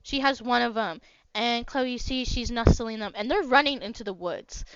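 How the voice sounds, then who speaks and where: Young woman running a tabletop game, a bit high voice, dry muffled lo-fi mic. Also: moderate pace, fairly bright tone, clean tone, no echo. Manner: rambling, filler-heavy narration. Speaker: game master. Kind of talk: narrating a tabletop game over voice chat.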